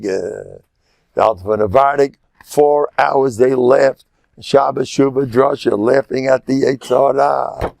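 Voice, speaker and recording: An older man giving a rabbi's lecture in a gravelly, mid-low voice, recorded dry and close. He tells stories with halting restarts and a mix of Yiddish and Hebrew words, often jumping up in pitch when he gets excited. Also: no echo. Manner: animated, leaps to high excited pitch, laughs at his own stories. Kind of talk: lively storytelling sermon.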